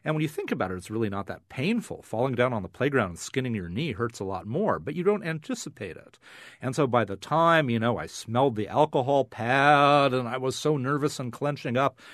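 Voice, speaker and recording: A man's voice: mid-range voice, expressive, fairly quick, a bit bright, no echo, clean studio sound. Man explaining science with many fillers. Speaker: neuroscience professor, guest. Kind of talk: radio interview, explaining.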